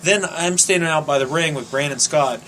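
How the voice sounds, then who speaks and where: Brief: man, fairly high voice, easygoing storyteller, faint hiss behind. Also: fairly quick, bright, forceful tone, rough recording. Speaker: podcast co-host, wrestler. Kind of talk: casual storytelling chat.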